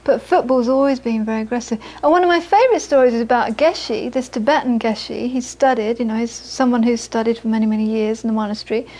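A woman teaching Buddhism to a live audience, moving from lively anecdotal storytelling into quiet, reflective teaching. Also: a little high, fast talker, hardly any pauses. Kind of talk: dharma talk to a live audience.

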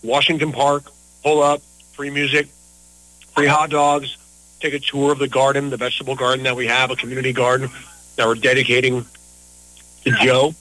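A man's voice: medium pitch, completely flat delivery, a little fast, pauses often, sharp tone, no echo, poor audio. A middle-aged man talking casually as an interview guest, earnest and a bit rambling. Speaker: interview guest, local business owner.

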